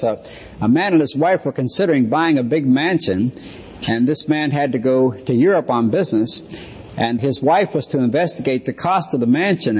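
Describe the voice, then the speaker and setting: A man teaching a sermon-style Bible lesson in a measured, explanatory way, slowing down to stress key phrases. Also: medium pitch, slightly rough. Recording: reverberant hall.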